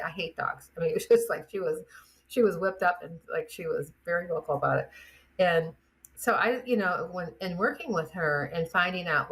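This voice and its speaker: Lively older woman telling stories. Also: fairly low pitch. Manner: animated, acts out the voices in her stories, laughs often. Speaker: guest chiropractor. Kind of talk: anecdotal storytelling.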